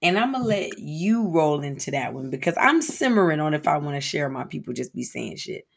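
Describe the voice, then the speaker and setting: A woman co-hosting a casual podcast chat, relaxed and drawling, often trailing off. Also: low-pitched, a little fast, gravelly, slightly rough. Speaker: podcast co-host.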